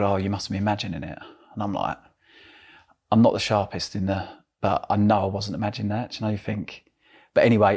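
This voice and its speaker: A man's voice: fairly low pitch, darkish tone. A middle-aged man with an Essex accent, an interview guest telling his story animatedly and acting out the voices of others. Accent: Essex English. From England.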